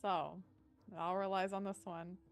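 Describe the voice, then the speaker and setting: A woman's voice: lowish voice, little pitch movement, moderate pace. A woman playing in a tabletop game, chatting casually as she narrates her dice rolls. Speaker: player.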